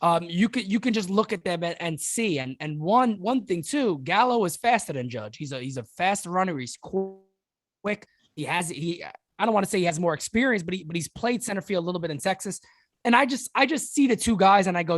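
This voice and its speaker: A man's voice: high voice, animated, brisk, no echo, studio quality. A man co-hosting a podcast in casual sports chat, ranting heatedly and mocking others in quoted voices. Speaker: podcast co-host.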